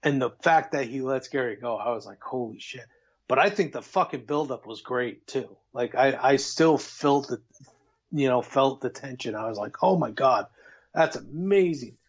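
A man co-hosting a podcast, chatting casually and profanely about a movie and excitedly acting out scenes. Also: mid-range voice, normal speed, husky, lo-fi sound. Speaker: podcast co-host. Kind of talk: casual movie review chat.

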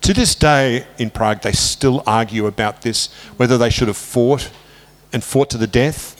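An Australian man in his sixties, an author interviewed about his book, talking through history in an animated way and jumping up in pitch when he quotes people. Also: moderate pace. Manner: animated, lifts pitch sharply when quoting others. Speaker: author guest. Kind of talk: conversational interview, storytelling.

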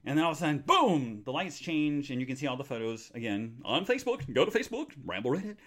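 A middle-aged man hosting a live podcast, rambling excitably and squealing at the high points. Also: fast talker. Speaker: podcast host.

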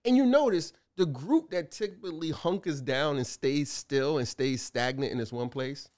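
A man co-hosting a casual talk show, telling animated stories with lots of fillers and acted-out quotes. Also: fairly high pitch, normal speed. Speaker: co-host, store owner. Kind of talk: casual chat.

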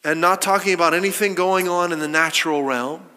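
Male pastor, emphatic sermon delivery, brighter and higher than most men, long hall echo. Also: fairly even intonation, a little fast, clear, resonant tone. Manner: emphatic, rhetorical questions, quoting scripture. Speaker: preacher.

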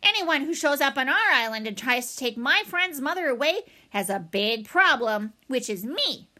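A woman's voice: high-pitched, big pitch swings, normal speed, pitched above the performer's own voice, full character voice. A woman voicing a small, fiercely loyal squirrel who talks back defiantly. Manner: defiant, loud. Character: feisty little female squirrel, fiercely loyal.

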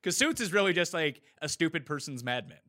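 A man's voice: on the high side, lively intonation, brisk, pushed and bright. A man hosting a casual podcast debate, blunt and opinionated about TV shows. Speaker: podcast host.

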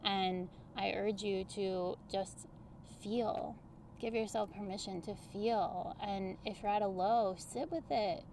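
A woman with a slightly gravelly voice talks animatedly in a relaxed podcast conversation. She explains her coaching ideas through casual everyday examples. Her pitch sits in an ordinary middle range. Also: slow pace, a little hiss or hum. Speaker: human design coach, podcast guest.

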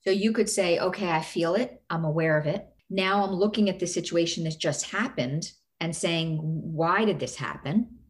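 A woman's voice: fairly low pitch, normal speed, hardly any pauses. A middle-aged woman coach giving earnest advice in a casual talk, walking through steps with a string of questions. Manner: earnest, explains step by step with rhetorical questions.

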